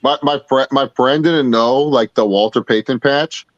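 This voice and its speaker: A man's voice: mid-range voice, moderate pace, dry recording, lo-fi sound. A man co-hosting a casual sports watch-along, telling a story with lots of laughs and swearing. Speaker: podcast co-host.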